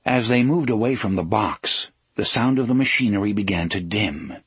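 Low husky guy reading an audiobook, slow dramatic pauses, dry close sound. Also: no echo. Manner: measured, dramatic storytelling with slowed emphasis. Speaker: audiobook narrator. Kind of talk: scripted narration.

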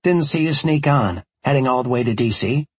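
A man's voice: medium pitch, expressive, fairly quick, breathy edge, no echo. A man voicing a chatty, eager young female train conductor in an audiobook. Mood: friendly. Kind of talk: audiobook character voice.

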